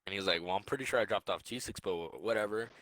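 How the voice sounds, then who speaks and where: A man's voice: on the low side, very fast, fairly bright tone, no room sound. A young man co-hosting a podcast, telling a rambling, swearing story in casual chat. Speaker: podcast co-host.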